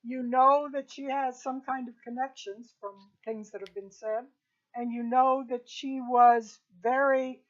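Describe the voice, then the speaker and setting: A woman running a tabletop role-playing game, recapping events in a matter-of-fact way. Her voice sits a little high. The recording sounds dull and lo-fi. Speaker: game master.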